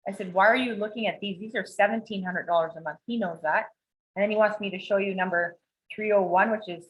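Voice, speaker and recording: A woman tells a long story in a loose, casual way, swears often and jumps into the voices of the people she quotes. Her pitch sits in the middle for a woman. The sound is a little dull and lo-fi, as if it came through a video call. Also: brisk. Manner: profane, animated, acts out quoted dialogue. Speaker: podcast co-host.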